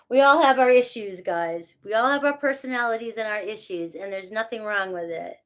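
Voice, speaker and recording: Middle-aged woman, fairly high-pitched, chatty tarot reader thanking viewers by name. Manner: chatty and self-mocking, reads out viewer names, laughs often. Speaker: tarot reader talking to live chat. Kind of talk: casual live-stream chat.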